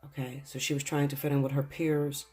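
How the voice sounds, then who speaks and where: Tarot reader, husky voice, earnest, talks straight to viewers, emotional, faint background music. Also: medium pitch, level tone, fairly quick, darkish tone. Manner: earnest, addresses viewers directly; emotional, fights back tears. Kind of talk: spiritual tarot reading to camera.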